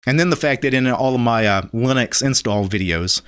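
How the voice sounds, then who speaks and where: Middle-aged Louisiana man, host of a relaxed live stream, easygoing and chatty, mid-pitched voice, reads out viewer comments. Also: a little fast, clean tone. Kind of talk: casual live stream chat.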